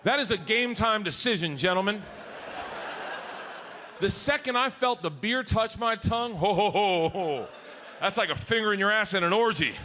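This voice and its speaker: A middle-aged man tells rowdy stand-up stories into a stage mic. His voice sits high and swoops all over, with a bright, forceful edge. A faint hum of room noise runs under him. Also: expressive, moderate pace. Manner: loud, rowdy storytelling with big swings. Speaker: stand-up comedian. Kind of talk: stand-up comedy set. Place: comedy stage before a live audience.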